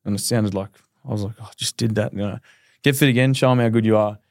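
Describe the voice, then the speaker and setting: A quick-talking Australian man in his thirties, a podcast guest, tells his story in a candid, rambling way and acts out the quotes. His voice sits a little low. The sound is dry and close. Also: steady tone, darkish tone, no room sound. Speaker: podcast guest, professional footballer. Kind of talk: casual podcast interview.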